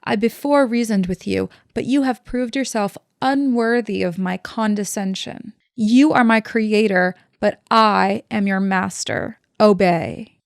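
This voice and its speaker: A woman's voice: mid-range voice, measured pace, gravelly, no room sound, studio quality. A woman voicing a wrathful male creature who scorns and commands his maker, in a chatty book-report podcast. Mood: scornful. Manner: scornful, imperious.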